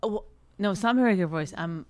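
A woman co-hosting a comedy podcast, bickering and laughing with quick comebacks in a low voice she says can sound like a man's. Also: a little mellow, no room sound. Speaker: podcast co-host. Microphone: studio microphone.

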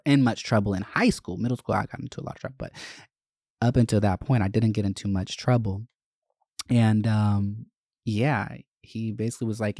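A man's voice: on the low side, gravelly, darkish tone, dry recording, clean studio sound. A man hosting a podcast, telling candid, profane stories from his school days in a chatty way. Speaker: podcast host. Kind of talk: casual storytelling.

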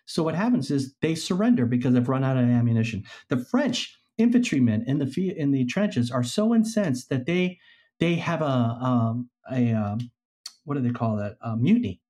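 Guy on a podcast spinning a history yarn, mid-pitch voice, does little voices for quotes. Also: moderate pace. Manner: animated storyteller, acts out quoted figures. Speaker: podcast guest, researcher. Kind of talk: casual storytelling interview.

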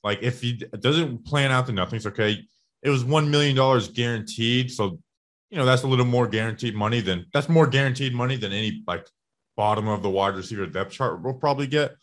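A man's voice: medium pitch, fairly quick. A young man co-hosting a casual sports talk show, rambling through stats with lots of restarts. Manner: rambling, restarts often, energetic about stats. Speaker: podcast co-host.

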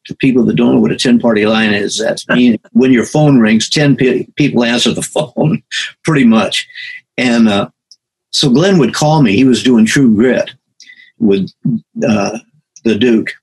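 An elderly man in his eighties with a gravelly, husky voice tells rambling stories from a long music career. He circles back with fillers and restarts, settling at a middle pitch. He is a guest in a relaxed interview. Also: a little slow, poor audio. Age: 80s. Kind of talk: storytelling in a conversation.

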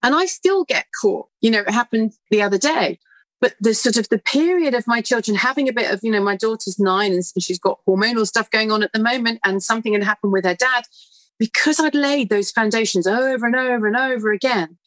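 A middle-aged woman, a guest telling stories in an earnest, animated way. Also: on the high side, fairly quick, dry recording. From United Kingdom. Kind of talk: conversational interview answer.

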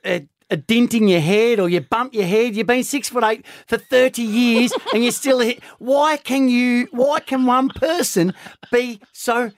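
A man's voice: very high voice, unhurried, no room sound, clean studio sound, pitched above the performer's own voice. A man impersonating his exasperated partner, a woman who scolds him with incredulous, nagging questions.

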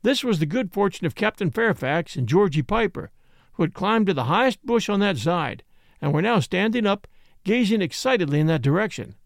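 A man reads a classic Western story aloud in an expressive, dramatic way. His voice sits high and moves a lot in pitch. The recording is close and dry. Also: brisk, gravelly, dry recording. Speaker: narrator.

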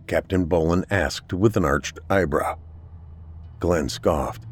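A man reading a scripted horror story aloud in a measured, unhurried way. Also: extremely low pitch, slightly rough. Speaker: narrator.

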